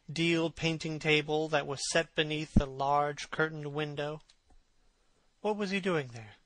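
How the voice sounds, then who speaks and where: A man narrating a classic novel as an audiobook, in a measured, expressive way. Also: a little high, no echo, poor audio. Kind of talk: reading a classic novel aloud.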